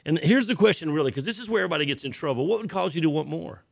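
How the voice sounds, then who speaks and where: A man preaches in a conversational yet emphatic way, circling back over his phrases to drive each point home. His voice sits a little high for a man and carries a gravelly, fry-edged texture. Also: animated, very fast. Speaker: pastor. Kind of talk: sermon.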